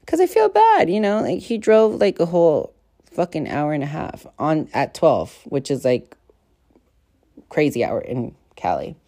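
Her voice is low-pitched and warm, with big swings in pitch and a measured pace. This young podcast host rambles through casual stories, cursing freely and leaning on lots of filler words.

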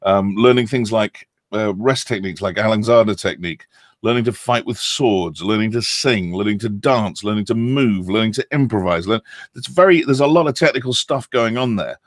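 Brief: middle-aged British male actor, lowish voice, dry close recording, relaxed explainer. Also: moderate pace, dry recording. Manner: chatty, explanatory, self-deprecating with frequent ums. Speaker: actor and former acting coach. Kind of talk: interview answers.

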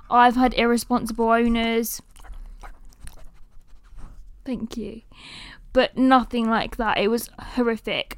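A woman hosting a podcast, telling a story in a lively, animated way and sometimes cooing at her dog. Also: fairly high pitch, clear, resonant tone, no room sound. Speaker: podcast host.

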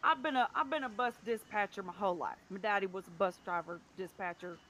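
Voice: medium pitch, fast, pushed and bright, slight background noise, lightly acted. A performer playing a blunt, proud middle-aged male bus dispatcher who talks in a folksy, rambling way. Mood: earnest. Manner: folksy, rambling, speaks in a plain working-class way. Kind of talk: improvised comedy character.

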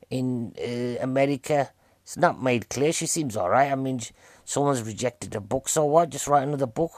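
A man's voice: medium pitch, dry recording. Chatty British man reviewing a film. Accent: British English. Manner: chatty, cheeky, talks straight to the viewer. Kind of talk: casual film review monologue.

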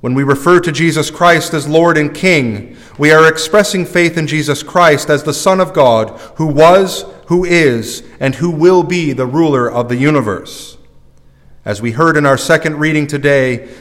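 A man's voice: on the high side, long reverb tail. A male priest preaching a sermon in a conversational, self-deprecating way, recorded in a church.

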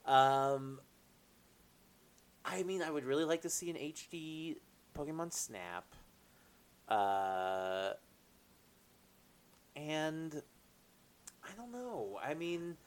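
Laid-back man with lively pitch. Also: drawn-out words, pauses often. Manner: laid-back, laughs often, trails off with fillers. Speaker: podcast co-host. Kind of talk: casual chat.

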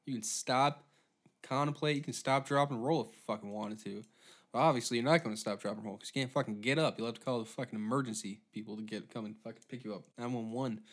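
A man hosting a comedy podcast, rambling through a profane monologue with deadpan asides. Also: medium pitch, fast. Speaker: podcast host.

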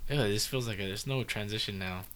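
A man from Texas co-hosting a podcast, joking in casual chat and telling stories in halting bursts. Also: lowish voice, smooth. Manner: joking, halting, animated storyteller. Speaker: podcast co-host.

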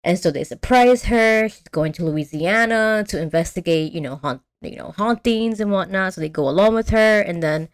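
A young adult woman host recapping a movie in casual chat. She talks in an animated, slangy way, with lots of fillers and restarts. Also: mid-range voice, moderate pace, few pauses. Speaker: podcast host.

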